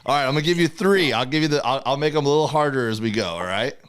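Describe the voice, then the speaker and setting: A man's voice: mid-range voice, lively intonation, rapid-fire, a bit bright, smooth. A man hosting a podcast in an easygoing way, laughing along and asking playful questions. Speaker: podcast host. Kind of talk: casual interview.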